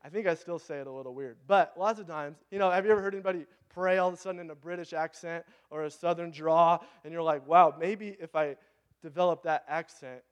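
A man's voice: on the high side, fast talker, hardly any pauses, smooth. A man in his thirties with a Pacific Northwest American accent, preaching a conversational sermon and asking the congregation questions. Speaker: pastor.

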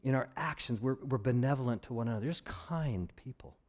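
A man's voice: medium pitch, fairly quick, darkish tone. A man preaching a conversational sermon as pastor, with joking asides to his congregation.

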